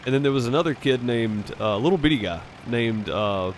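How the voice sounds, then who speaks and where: A man's voice: mid-range voice, animated, brisk, a little hiss or hum. A man telling rambling stories in casual chat while streaming a farming game. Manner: rambling, chatty, fillers and restarts. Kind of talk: casual storytelling over voice chat.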